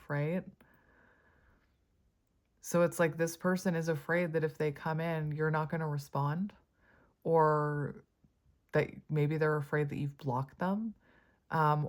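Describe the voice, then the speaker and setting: A woman giving a casual tarot reading, chatty and prone to giggling, with lots of fillers. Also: low voice. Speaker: tarot reader.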